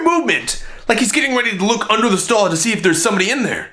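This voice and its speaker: An excitable man tells a comedic story in a high, bright voice. His pitch leaps up and down constantly as he narrates. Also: rapid-fire, hardly any pauses.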